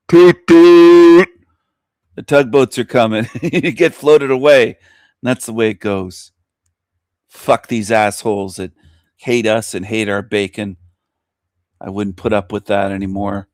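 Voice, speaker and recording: A man's voice: on the low side, no room sound, clean studio sound. A male radio host in a crude, ranting shock-jock monologue, who often laughs at his own jokes.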